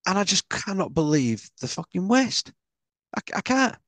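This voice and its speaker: A man's voice: high-pitched, normal speed, dry recording. A British man, a podcast co-host, chatting casually and telling stories with lots of swearing. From Britain. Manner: swears a lot, animated storyteller. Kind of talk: casual chat.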